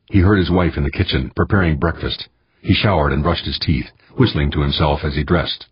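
A man narrating an audiobook in an expressive reading. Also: deep voice, husky, dry recording. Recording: dull, muffled dry recording.

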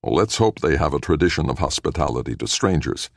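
A man's voice: rumbling low, expressive, quick pace, gravelly, dry recording, studio quality, heavily acted. A man doing a cautious mission boss on the radio. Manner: urgent, warning. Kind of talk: audiobook character voice.

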